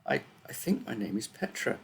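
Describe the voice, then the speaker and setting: A man voicing a frail fifteen-year-old girl just woken from a coma, speaking haltingly and unsure. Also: medium pitch, wildly swooping pitch, vocal fry, fairly bright tone, slight background noise, pitched above the performer's own voice, heavily acted. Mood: uncertain. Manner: halting, uncertain, stammering.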